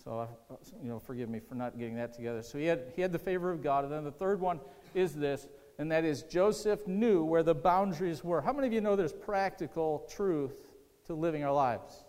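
A man's voice: on the high side, a little fast, darkish tone. A man preaching a sermon as pastor, talking conversationally, repeating key lines and quizzing the congregation. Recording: long hall reverb.

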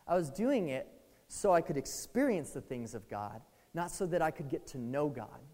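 Young adult, preacher, sermon, animated, acts out inner thoughts, mid-pitched voice, long hall reverb. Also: normal speed. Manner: animated, acts out own past prayers and thoughts.

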